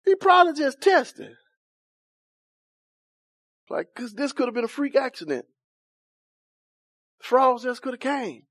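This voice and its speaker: A man's voice: very high voice, very animated, slow, long pauses, fairly bright tone, no room sound. A man leading an interactive Bible study, asking the group questions, chuckling often and talking in a loose, informal way.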